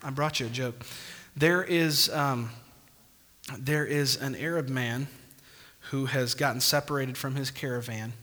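A man's voice: mid-range voice, fairly even intonation, unhurried, long pauses, bright, forceful tone. A man pastor preaching a sermon emphatically, punctuating points with calls of amen, in a church hall. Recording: long church reverb.

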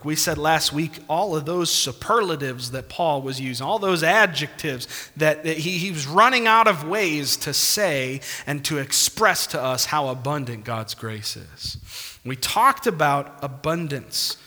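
A man's voice: mid-range voice, measured pace, pushed and bright. A man pastor preaching a sermon emphatically, punctuating points with calls of amen, in a church hall. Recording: long church reverb.

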